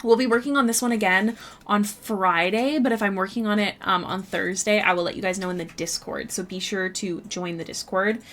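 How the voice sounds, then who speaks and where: An art streamer with a Canadian accent chats casually with her viewers while drawing from her home streaming setup, bubbly and full of fillers. This young woman's voice is mid-range and a bit bright, with fairly even intonation and a brisk pace.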